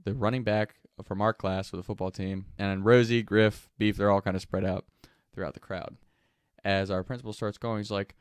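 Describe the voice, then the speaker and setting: A man's voice: lowish voice, fairly even intonation, a little fast, clear, resonant tone, no echo, clean studio sound. A man hosting his own show, telling a story in a loose, casual way with lots of swearing and fillers. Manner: laid-back, profane, rambling with many fillers. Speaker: host.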